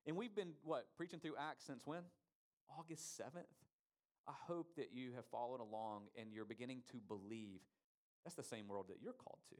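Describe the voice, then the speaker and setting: Man, pastor, sermon, emphatic, rhetorical questions, mid pitch. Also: normal speed, darkish tone.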